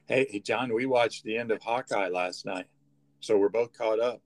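A man's voice: fairly low pitch, normal speed. A man co-hosting a casual chat, teasing dryly and often repeating and restarting words. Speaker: co-host. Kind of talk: casual banter.

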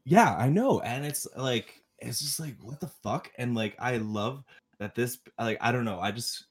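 A man's voice: medium pitch, lively intonation, unhurried. A man co-hosting a casual music podcast, rambling with lots of fillers, laughing and swearing as he talks. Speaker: podcast co-host. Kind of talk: casual chat.

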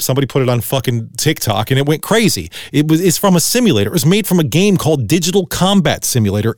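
A man's voice: medium pitch, no echo, clean studio sound. A middle-aged man hosting a solo podcast, talking bluntly and ranting with lots of swearing. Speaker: podcast host.

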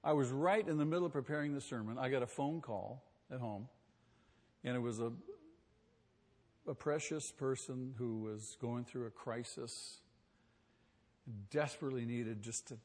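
A pastor preaching a sermon, emphatic, asking rhetorical questions and swinging between quiet and loud. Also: male voice, medium pitch, moderate pace, long pauses, in a large hall.

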